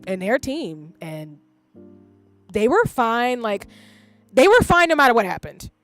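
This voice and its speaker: A woman's voice: a little high, big pitch swings, a little slow, fairly bright tone, soft background music. Rambling candid woman in her thirties. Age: 30s. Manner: rambling, candid, swears freely. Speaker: livestreamer. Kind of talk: casual stream chat.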